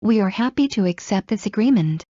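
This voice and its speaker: A woman reading common English phrases aloud one by one in a clear, measured way, as in a language lesson. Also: medium pitch, animated, dark tone, dry recording. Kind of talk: slow read-aloud phrase drills. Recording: dull lo-fi recording.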